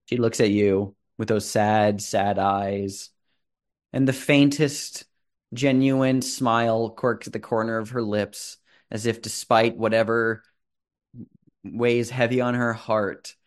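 A man narrating a tabletop role-playing game as game master, with slow, descriptive storytelling. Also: fairly low pitch.

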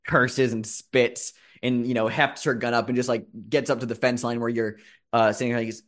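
A man's voice: mid-range voice, little pitch movement, normal speed, a bit bright. A man narrating as game master of a tabletop game, loose and casual, swearing often.

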